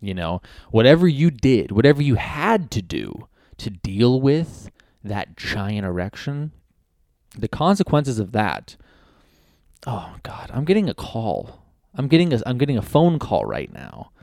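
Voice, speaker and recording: A man's voice: mid-range voice, very animated, unhurried, creaky, darkish tone, dry recording, studio quality. A man hosting a solo comedy podcast from his home, rambling and crude and losing his train of thought. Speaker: podcast host.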